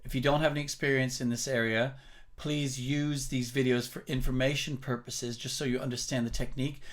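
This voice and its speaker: A man's voice: medium pitch, level tone, a little fast. A man teaching rock singing, explaining technique in a careful, step-by-step way. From England. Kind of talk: vocal lesson.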